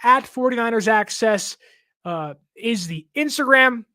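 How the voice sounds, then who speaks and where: A sports podcast host giving a casual game preview, excitable and often restarting words mid-sentence. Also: mid-range voice, a little slow, no room sound, studio quality. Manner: excitable, with frequent stammered restarts.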